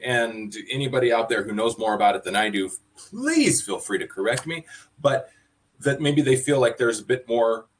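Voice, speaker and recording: A man hosting a podcast, talking in a measured, thoughtful way and hedging his claims. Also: mid-range voice. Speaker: podcast host. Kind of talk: casual chat about news.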